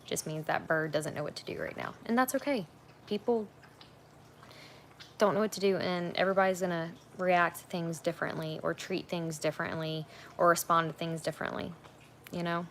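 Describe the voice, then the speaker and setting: Young woman, livestream host, low gravelly voice, chatty, candid, rambling. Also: a little fast, slight background noise. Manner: chatty, frank, rambling with fillers. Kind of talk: casual livestream chat. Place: at home on a couch.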